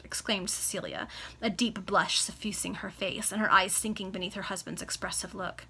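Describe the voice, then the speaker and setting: A woman reading an old novel aloud to friends over a video call, expressive and now and then correcting herself. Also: mid-range voice, brisk, breathy edge. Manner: expressive, occasional self-corrections. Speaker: reader. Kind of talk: amateur read-aloud of a classic novel.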